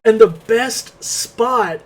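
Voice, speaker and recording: Speaking extremely slowly in a very high voice, a male podcast co-host rambles through a profane play-by-play recap during casual conversation.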